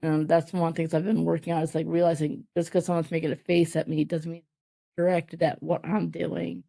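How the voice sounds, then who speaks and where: A woman in her thirties with a lowish, mellow voice. She talks candidly as a podcast guest, halting often and restarting her sentences, with plenty of filler words. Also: level tone, vocal fry. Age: 30s. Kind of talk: candid conversational interview.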